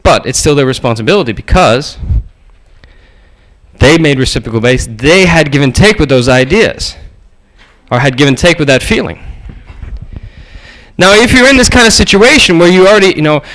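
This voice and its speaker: Male preacher, lively storyteller, high voice with wide swings. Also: moderate pace, poor audio. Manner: animated, acts out voices in his stories. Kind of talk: storytelling sermon.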